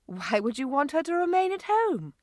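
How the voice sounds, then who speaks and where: A woman voicing a warm, caring mother who speaks earnestly. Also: high voice, sing-song, moderate pace, no room sound, studio quality, pitched above the performer's own voice.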